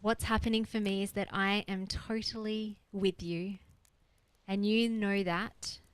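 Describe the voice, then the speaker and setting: A woman's voice: mid-range voice, fairly even intonation, unhurried, smooth, poor audio. A woman coach leading a guided exercise on a group coaching call, earnest and explanatory, repeating her key points. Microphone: video call.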